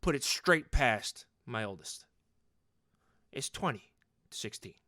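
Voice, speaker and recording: A man's voice: mid-range voice, lively intonation, slow pace, sharp tone, no echo, clean studio sound. A man in his forties playing a hot-headed, overcompetitive sports dad in an improvised comedy podcast monologue, rambling and boastful and repeating himself. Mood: worked up. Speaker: podcast host in character.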